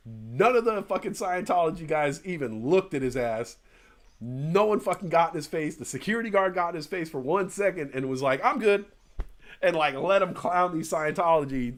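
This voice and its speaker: Rambling, profane man on a stream. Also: a little high. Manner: rambling, profane, frequent restarts. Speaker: live stream co-host. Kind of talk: casual chat.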